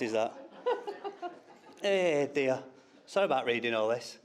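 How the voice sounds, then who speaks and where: Reading his father-of-the-bride speech from notes, the middle-aged man teases, jokes, and keeps cutting himself off with asides. His mid-range voice has lively intonation and runs a little slow, with crowd noise behind him.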